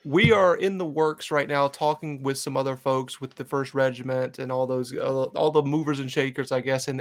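A man hosting a fan podcast, upbeat, introducing upcoming guests and asking questions. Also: mid-range voice. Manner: upbeat, plugs upcoming episodes. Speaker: podcast host.

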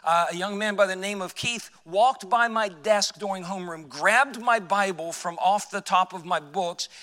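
A man preaching a sermon as pastor, telling a personal story and dropping quiet for emphasis. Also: high-pitched, moderate pace, long reverb tail. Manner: storytelling, acts out quoted voices, drops quiet for emphasis. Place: church sanctuary.

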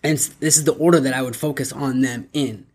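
A man hosting his own podcast, talking solo in an upbeat, energetic way and often tagging lines with "right?". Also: mid-range voice, brisk, slightly rough. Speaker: podcast host. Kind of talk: solo motivational podcast talk.

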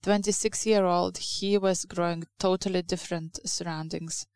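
Gravelly-voiced woman preaching with a Lithuanian accent. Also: lowish voice, fairly even intonation, moderate pace, a little mellow, dry recording. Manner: conversational preaching with rhetorical questions and acted-out quotes. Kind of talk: sermon.

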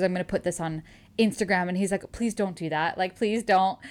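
A young woman co-hosting a book podcast, recapping a romance novel in casual chat, animated and laughing often as she quotes the characters. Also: mid-range voice, clear, resonant tone.

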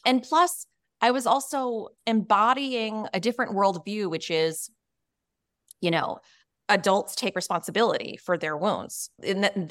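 Woman, podcast interview guest, frank personal storytelling, middle pitch, dry sound. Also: no echo. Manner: earnest and frank, many "you know" and "like" fillers, quotes others in animated voices. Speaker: podcast guest, author and coach.

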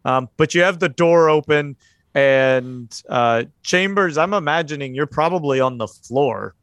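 A man narrates a tabletop horror session as its keeper. His voice sits a little high and sounds dry and close. He rambles through the scene with plenty of fillers. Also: measured pace, a bit bright, no echo. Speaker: game master.

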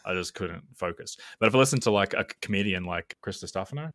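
A man's voice: sits low, fast, fairly bright tone, dry recording, clean studio sound. A man co-hosting a podcast who rambles in a chatty way and says "like" all the time. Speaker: podcast co-host. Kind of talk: casual podcast chat.

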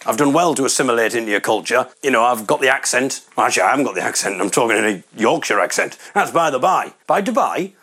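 A man's voice: mid-range voice, lively intonation, fast, hardly any pauses, a bit bright, husky. Wry rambling man telling stories. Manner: rambling, wry, self-deprecating. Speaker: comedian. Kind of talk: comic storytelling monologue.

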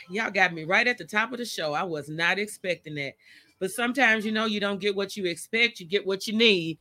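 Woman hosting a live stream outside, super bright sharp voice, emotional and chatty with the chat. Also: medium pitch, moderate pace. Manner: chatty and emotional, talks straight to her viewers. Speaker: live show host. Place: outdoors by a motion-sensor light in the wind.

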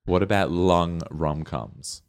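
A man with a deep, low voice co-hosts a casual comedy podcast. He rambles through his points and laughs often between lines. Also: animated, slow pace, gravelly. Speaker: podcast co-host.

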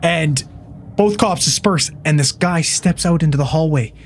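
Swearing paramedic telling a story. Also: male voice, a little high, moderate pace, a little hiss or hum. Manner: profane, animated storyteller who acts out what people said. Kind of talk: casual storytelling chat.

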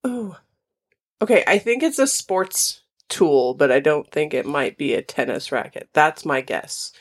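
A woman with a slightly low voice chats loosely during a word-guessing game. She thinks out loud, tosses out guesses and laughs at herself. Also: animated, measured pace. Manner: chatty, laughing, thinks aloud while guessing. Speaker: quiz player. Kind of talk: casual chat.

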